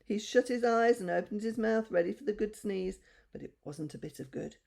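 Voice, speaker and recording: An older woman reading a bedtime story aloud to children, gentle and expressive. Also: mid-range voice, normal speed, gravelly.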